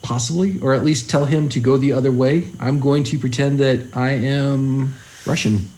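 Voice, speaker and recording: Man, tabletop player, confident, mid-pitched, thinks out loud. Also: fairly even intonation, normal speed. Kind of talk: casual tabletop play.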